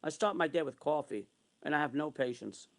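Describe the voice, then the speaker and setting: A man vents in a heated vlog rant. His voice sits somewhat high, and he keeps circling back over the same points, swearing as he acts out both sides of old arguments. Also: a little fast, creaky. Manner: long retellings of arguments in quotes. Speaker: vlogger. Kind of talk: angry ranting monologue.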